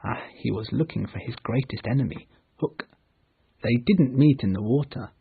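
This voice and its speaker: A man reading a storybook aloud for English learners, slowly and clearly. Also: medium pitch, narrow, tinny audio. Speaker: narrator.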